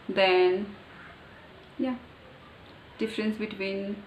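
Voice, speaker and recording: Woman slowly repeating practice words. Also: medium pitch, level tone. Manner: repeats words over and over, slow and deliberate. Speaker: vlogger practicing pronunciation. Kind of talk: casual practice vlog. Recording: echoey room, faint ambient noise.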